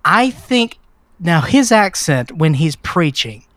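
A man's voice: on the high side, sing-song, takes it slowly, fairly bright tone, no echo. A man from Mississippi co-hosting a casual film podcast, wry and teasing, talking with restarts. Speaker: podcast co-host.

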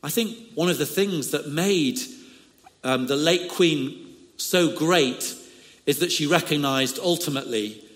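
Man, preacher, sermon, slow emphatic delivery, slightly higher voice, long echoey hall.

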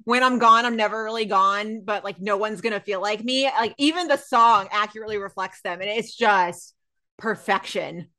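A woman's voice: mid-range voice, fairly even intonation, moderate pace, pushed and bright. A woman co-hosting a podcast, talking casually and enthusiastically through a TV episode. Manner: enthusiastic, effusive. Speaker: podcast co-host. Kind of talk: casual chat recapping a TV episode.

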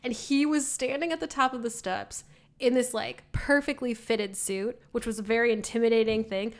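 A woman's voice: on the high side, fairly even intonation, moderate pace. A woman from the American Midwest co-hosting a podcast, chatting casually with lots of fillers and laughter. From Midwest United States. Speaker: podcast co-host. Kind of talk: casual chat.

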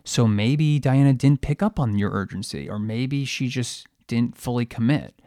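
A man's voice: mid-range voice, animated, unhurried, dark tone. A man in a mid register talks through a coaching monologue as a podcast host. His delivery is conversational, full of rhetorical questions and self-mockery. The sound is dry and close, with no room echo. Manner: conversational, asks rhetorical questions, pokes fun at himself. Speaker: podcast host, periodontist coaching dental teams.

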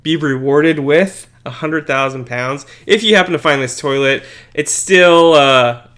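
A man's voice: a little high, a little slow, a bit bright. A young man co-hosting a podcast in casual chat, rambling and joking with many fillers and restarts. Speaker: podcast co-host.

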